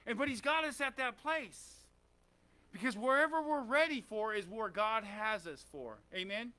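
A man's voice: sits high, moderate pace, bright, forceful tone, smooth. A man preaching a conversational sermon in a church, often asking the congregation questions and saying "amen.". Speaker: pastor.

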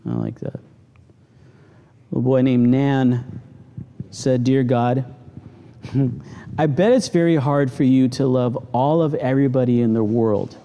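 A middle-aged man, a pastor, preaching a sermon in a church and telling stories with sudden animated outbursts. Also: mid-range voice, unhurried, vocal fry, pauses often, highs cut off. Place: church sanctuary.

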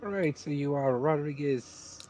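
A man playing a game online with a streamer, speaking calmly and matter-of-factly while setting up the match. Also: on the high side, unhurried, soft background music. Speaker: co-player. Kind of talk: casual live gameplay chat.

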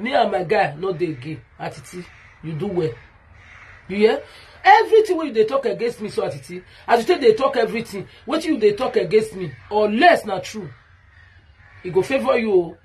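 Raspy fast-talking Nigerian woman. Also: a little high, a little mellow. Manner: aggrieved, repetitive, addressing a rival directly. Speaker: vlogger. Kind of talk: direct-to-camera rant video.

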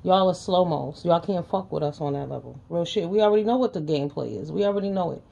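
A woman's voice: fairly low pitch, fast, vocal fry, mellow, dull audio. A woman hosting her own channel, scolding her viewers in a profane, confrontational commentary rant and repeating lines for emphasis. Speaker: channel host. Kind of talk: ranting commentary vlog.

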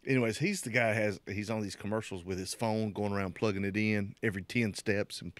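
A man's voice: fairly low pitch, steady tone, brisk, no room sound. A man in his thirties co-hosting a casual podcast chat, joking and laughing often. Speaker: podcast co-host.

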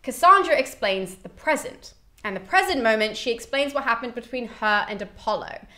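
Chatty young woman retelling a story. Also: on the high side. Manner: chatty, animated retelling with quick character voices. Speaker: host. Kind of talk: casual storytelling summary.

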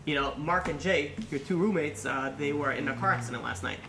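A man's voice: fairly high pitch, fairly quick, creaky, background noise. A man voicing a hesitant, apologetic friend breaking bad news on the phone, in an echoey room.

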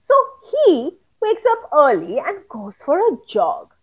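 A woman storyteller reads to young children in an animated, singsong way and talks straight to them. Her voice is very high, and she paces it slowly and gently. The recording is dull and lo-fi. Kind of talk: storytelling for kids.

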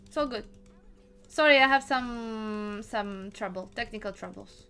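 A woman's voice: a little high, measured pace, pushed and bright, smooth. A woman streaming a game live, chatting casually and teasing her teammates with lots of laughter. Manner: playful, teasing, laughs often. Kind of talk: casual live gaming chat.

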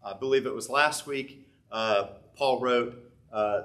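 A man's voice: mid-range voice, slow, fairly bright tone. A man preaching a sermon in a loose, conversational way, thinking aloud with frequent restarts. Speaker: pastor.

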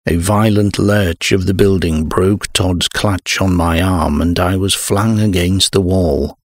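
A man narrating a horror audiobook in a measured, dramatic first-person telling. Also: low voice, steady tone, no room sound, studio quality.

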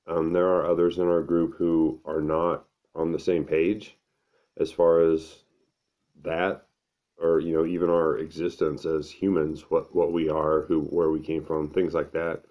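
A middle-aged man, talking to camera at home in an unhurried, earnest, thinking-aloud way. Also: extremely low pitch, little pitch movement, dark tone. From American Midwest. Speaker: vlogger. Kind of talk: casual to-camera monologue.

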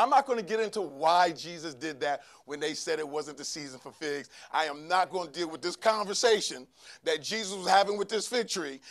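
A man preaching a sermon to a church congregation, calling for responses from the crowd and rising to shouts. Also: sits high. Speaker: pastor. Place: church sanctuary.

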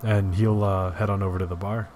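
A man describing scenes in a tabletop role-playing game in a measured way. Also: low voice, level tone, a little mellow, a little hiss or hum. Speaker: player. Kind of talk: tabletop role-play narration.

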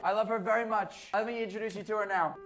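Man doing bragging middle-aged streamer, loud, repetitive, showy, music underneath. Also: sits high, fairly even intonation, fast, pitched above the performer's own voice, close to an everyday voice.

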